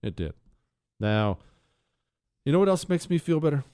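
Man, talk show host, sarcastic rant, lively swooping pitch, smooth clear voice, dry sound. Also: normal speed, no echo. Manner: sarcastic, exasperated, animated. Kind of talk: ranting monologue.

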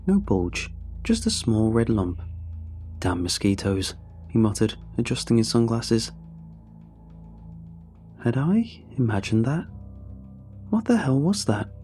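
A man narrating a first-person horror story in a steady, measured telling. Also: mid-range voice. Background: faint music.

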